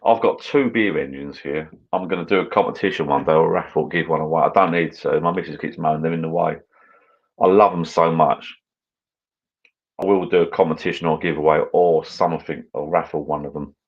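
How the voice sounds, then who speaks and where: Deep-voiced British man rambling on a live stream. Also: steady tone, fairly quick, highs cut off. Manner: rambling, chatty, reads viewer comments aloud. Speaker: channel host. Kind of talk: casual live-stream chat while drinking.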